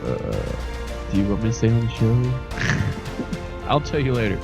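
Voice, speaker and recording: A man's voice: fairly low pitch, big pitch swings, normal speed, vocal fry, loud music behind the voice. A man co-hosting a gaming podcast, chatting casually with a joking, rambling, self-deprecating manner. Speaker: podcast co-host. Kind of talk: casual chat. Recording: dull lo-fi podcast audio.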